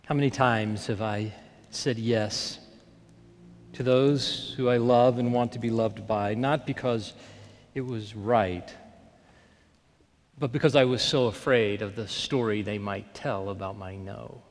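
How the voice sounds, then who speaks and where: A male pastor preaching a sermon in a reflective way, often dropping to a near-hush on key phrases. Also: lowish voice, fairly even intonation, measured pace. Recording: long reverb of a large hall.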